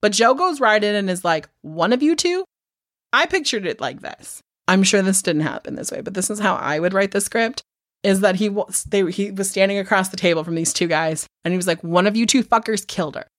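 A woman of middle pitch telling a true crime story on a podcast with lively, profane energy, slipping into the voices of the people she describes. The sound is dry and close, with no room in it. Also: a little fast, no room sound. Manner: animated, swearing, acts out people's lines. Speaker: podcast co-host. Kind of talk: casual true crime chat.

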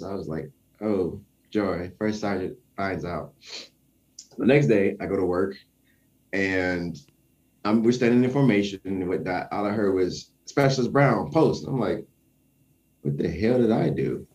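A man's voice: lowish voice, expressive, moderate pace, a little mellow. A young man telling a story in casual conversation, acting out the quoted voices and chuckling often.

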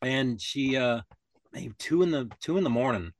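A man's voice: medium pitch, expressive, normal speed, creaky. An older man telling a story in casual conversation, rambling and restarting often, acting out the other people in it. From Florida. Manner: rambling, restarts often, acts out quoted voices. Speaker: podcast guest.

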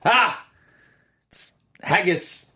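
A man's voice: high-pitched, lively intonation, extremely slow, sharp tone, heavily acted. A man putting on a jokey mock Scottish accent, hamming it up while reading a quote. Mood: hammy. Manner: hammy, playful.

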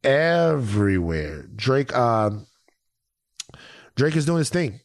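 Lively podcast guy, jokey, lots of pitch swings, dry sound. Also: slow pace, no room sound. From Southern US. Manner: animated, jokey, breaks into bits and voices. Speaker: podcast co-host. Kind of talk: casual chat.

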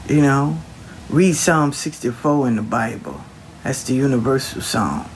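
A man's voice: medium pitch, lively intonation, measured pace, a little hiss or hum. A man giving a casual, colloquial spiritual pep talk, reassuring the listener and repeating his phrases. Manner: colloquial, slangy. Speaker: motivational speaker.

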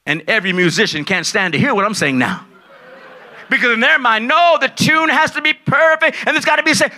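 A man preaching a sermon as pastor, loud and excitable, dropping from shouts to low asides and acting out the people in his stories. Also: normal speed. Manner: acts out dialogue in his stories. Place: large church hall at a conference.

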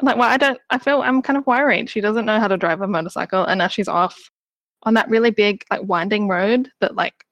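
A woman's voice: medium pitch, brisk, a bit bright, no room sound, dull audio. A woman hosting a podcast who recaps a film in a chatty, wry way and acts out the characters' lines. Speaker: podcast host reviewing a film. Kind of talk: casual chat.

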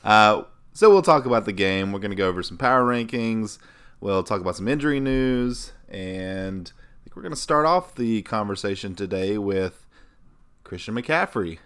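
A man co-hosting a casual sports podcast, chatting and running through stats in a relaxed, jokey way. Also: on the low side, moderate pace, clear, resonant tone. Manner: conversational, jokey, stat-heavy. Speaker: podcast co-host.

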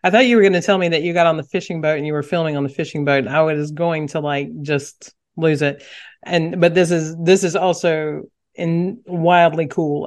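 A man's voice: on the high side, steady tone, normal speed. A man hosting a podcast, effusive and enthusiastic with his guest, then reading the show's outro. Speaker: podcast host. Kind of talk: casual interview chat and show outro.

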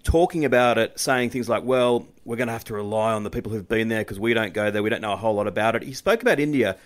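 Quick, opinionated man, low voice. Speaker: co-host. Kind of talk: casual cricket chat.

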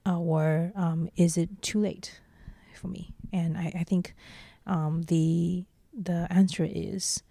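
Gravelly low-voiced woman, earnest. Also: fairly even intonation, slow pace, hardly any pauses, warm tone, no echo. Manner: earnest, repeats and restarts phrases. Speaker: startup CEO, interview guest. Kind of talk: casual interview answers.

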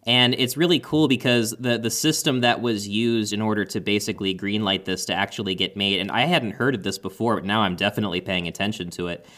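A man's voice: fairly low pitch, a little fast, few pauses, a bit bright. A man in his thirties co-hosting a gaming podcast in casual chat, friendly and rambling. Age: 30s. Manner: friendly, rambling, many fillers and restarts. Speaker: podcast co-host.

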